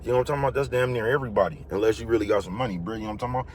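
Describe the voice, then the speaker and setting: A man's voice: on the low side, racing, a little mellow, slight background noise. A man vlogging a casual motivational monologue, rambling and slangy, and he keeps repeating his catchphrases.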